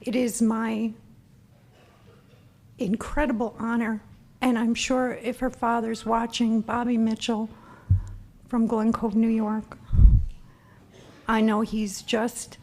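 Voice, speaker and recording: A woman's voice: fairly high pitch, darkish tone. A woman, the speaker's mother, giving an earnest, proud introduction to an audience.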